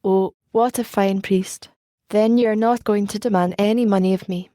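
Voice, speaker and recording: Woman reader as weary male ex-convict; humble, eager, warm dry read. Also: medium pitch, steady tone, normal speed, dry recording, close to an everyday voice. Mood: earnest.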